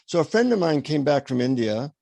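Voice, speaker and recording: A man guesting on a podcast, spinning a lively anecdote and acting out each exchange. His voice is a touch higher than most men's. The sound is close and dry on a podcast mic. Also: brisk, creaky, no echo. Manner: lively anecdotal storyteller, acts out dialogue. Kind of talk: storytelling in an interview.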